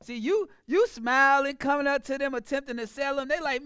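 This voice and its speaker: A woman's voice: sits high, a little fast, fairly bright tone, dry recording, clean studio sound. A woman business coach giving an emphatic, preachy motivational talk about sales, speaking. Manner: emphatic, preachy, acts out clients in a mocking voice.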